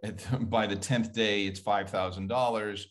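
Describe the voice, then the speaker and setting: A man speaking as a guest on a podcast in a measured, conversational way. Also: on the low side, fairly even intonation. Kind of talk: casual conversation.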